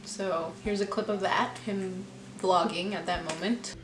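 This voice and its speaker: A woman vlogger calmly recounting a hard personal experience in a candid storytime, with many "like"s and "you know"s. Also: on the low side, unhurried, background noise. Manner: candid, reflective, lots of fillers. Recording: echoey room with music behind.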